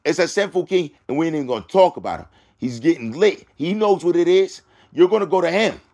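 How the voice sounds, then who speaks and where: Man, ranting scripture reading, higher-pitched voice, loud taunting preacher, drawn-out verse lines. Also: very animated. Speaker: self-styled preacher.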